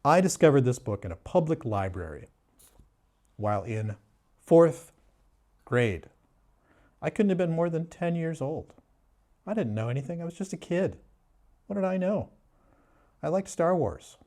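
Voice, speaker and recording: A man giving a sarcastic, mock-serious book review in a deadpan way. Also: fairly high pitch, normal speed, pauses often. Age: adult. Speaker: booktuber.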